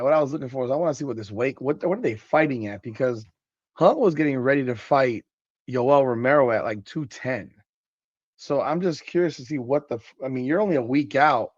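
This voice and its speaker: A man hosting a podcast late at night, sleepy and yawning, talking in loose, excitable slang and reading out comments. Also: mid-range voice, no room sound, highs cut off. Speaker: podcast host.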